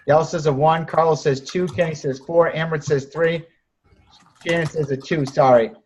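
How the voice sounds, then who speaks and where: A man's voice: a little high, steady tone, darkish tone, husky. Upbeat man coaching sales on a call. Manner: direct, encouraging, talks in quick restarts. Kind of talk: coaching talk on a group call. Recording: muffled lo-fi audio.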